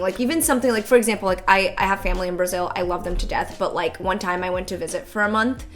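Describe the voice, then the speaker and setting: A woman's voice: on the low side, quick pace, few pauses, a bit bright, faint music behind. A woman guesting on a podcast, talking in a rambling casual way with many fillers and casual swearing. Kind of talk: casual chat.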